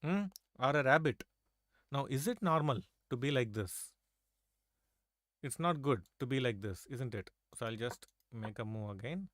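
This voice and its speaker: A chess coach leads a live lesson, coaxing his students along with rhetorical questions and frequent "right?" and "okay?" checks. His voice sits at a medium pitch with a slightly bright quality, moving at a normal speed. The studio-quality recording has no echo.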